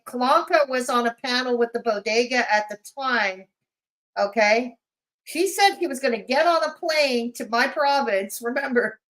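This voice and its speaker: A woman's voice: a little high, fairly bright tone, poor audio. A woman hosting a live-stream, commenting on clips in a sarcastic, mocking way. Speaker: commentary channel host.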